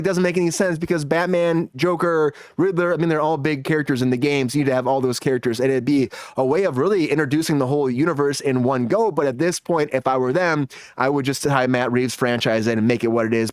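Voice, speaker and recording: Higher-pitched man musing on a podcast, dry sound. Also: dry recording. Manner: musing, asks questions, hedging. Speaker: podcast panelist. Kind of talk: casual panel chat.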